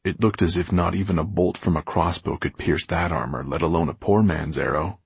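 Man, audiobook narrator, expressive, deep, husky, gravelly. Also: a little fast, no echo. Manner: expressive storytelling. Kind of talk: scripted narration.

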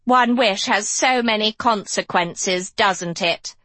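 A woman reading an audiobook, voicing a stern, menacing female teacher who speaks in a slow, cutting, snarling way. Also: mid-range voice, sharp tone, no room sound. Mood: cold. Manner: slow, slashing, snarling delivery.

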